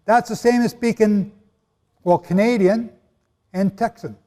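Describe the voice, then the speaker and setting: In a large hall full of listeners, a man preaches a sermon-style lesson, emphatic and conversational, putting questions to the crowd. His high voice is mellow and unhurried, and long reverb from the hall fills the recording.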